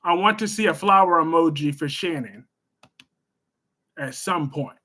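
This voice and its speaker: A man hosts a live stream, chatting with viewers in an animated way. His voice sits high and bright. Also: measured pace. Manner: chatty, animated, scolds chatters loudly then gushes warmly. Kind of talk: casual live stream chat, reading viewer comments.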